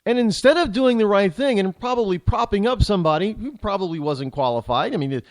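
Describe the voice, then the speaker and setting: A man's voice: high-pitched, animated, brisk, no echo. A man hosting a talk show, delivering a rambling, indignant political commentary monologue full of restarts and repeated words.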